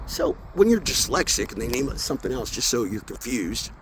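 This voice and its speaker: A man walking outdoors and talking into his phone in an intense, rambling spiritual monologue, swearing often and swinging between mumbles and loud outbursts. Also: mid-range voice, big pitch swings, a little fast. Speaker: vlogger. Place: outdoors near traffic, walking. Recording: outdoor phone audio with street noise.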